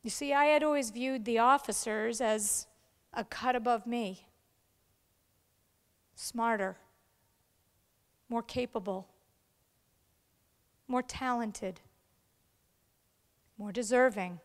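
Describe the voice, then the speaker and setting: A woman's voice: on the high side, slow, long pauses, big-room sound. A middle-aged woman giving a storytelling speech to an audience, acting out the voices of the people she quotes. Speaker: keynote speaker. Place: large event hall.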